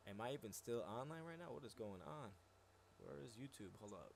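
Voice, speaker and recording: A man's voice: mid-range voice, lively intonation, normal speed, vocal fry. A man co-hosting a live stream, chatting casually and rambling with lots of swearing and filler words. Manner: rambling, profane, frequent "yo" and "like". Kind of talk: casual chat.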